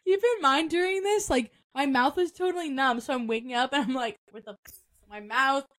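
A bright, high voice belongs to a young woman co-hosting a podcast at a brisk clip, recorded with no echo. She talks freely in a casual way, laughing often and filling her speech with "like" and "um."

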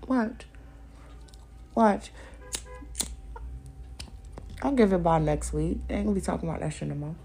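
A woman's voice: low voice, creaky, dark tone. A young adult woman hosting a solo podcast, ranting in a profane, confrontational way and repeating lines for emphasis. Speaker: podcast host.

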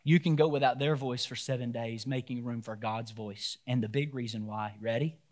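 A pastor preaching a sermon to his church, swinging between loud, animated outbursts and quiet, emphatic points. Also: medium pitch, moderate pace.

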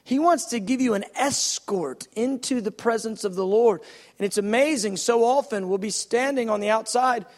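Emphatic high-voiced male preacher in a hall. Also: normal speed. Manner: emphatic preaching with repeated phrases. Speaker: pastor. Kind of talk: sermon. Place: church sanctuary.

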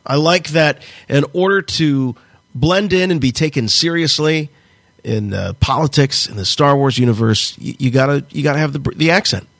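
A man hosting a podcast, chatting in an enthusiastic, lively way. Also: on the high side, normal speed, gravelly, dry recording. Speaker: podcast host. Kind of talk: casual chat.

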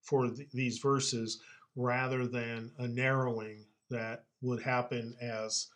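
A man explaining scripture in a casual Bible-study chat, patient and explanatory, quick to laugh. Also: medium pitch, level tone, a bit bright.

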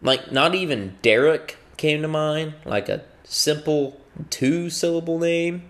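A man's voice: a little high, slow pace. A man delivering a profane comedic rant, bouncing between musings and acted-out voices. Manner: profane, animated, acts out voices mid-rant.

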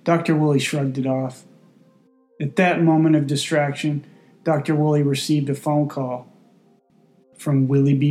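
A man narrating a story in a steady, deadpan way. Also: mid-range voice.

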